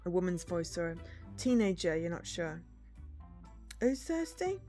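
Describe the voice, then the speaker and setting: A woman's voice: on the low side, fairly even intonation, fairly quick, mellow, faint music behind. A woman streamer reading a story game aloud, with dry, sarcastic asides.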